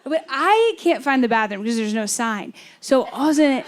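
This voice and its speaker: Self-deprecating kentucky woman doing stand-up on stage, high-ish voice, faint noise behind. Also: moderate pace. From Louisville, Kentucky. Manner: self-deprecating, animated storytelling. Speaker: stand-up comedian. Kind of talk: stand-up comedy set. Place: theater stage before a laughing audience.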